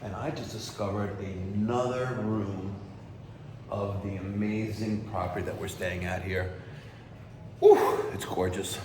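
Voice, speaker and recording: This middle-aged vlogger has a lowish, steady, slightly mellow voice and speaks a little slowly as he wanders a resort with pools. He chats with viewers, addresses them as folks, and at times slips into a whisper, over a faint hiss or hum.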